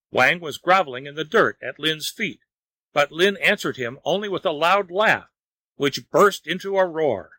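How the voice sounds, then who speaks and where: Bright-voiced man reading a folk tale. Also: a little high, expressive, dry recording, rough recording. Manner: measured storytelling. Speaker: narrator.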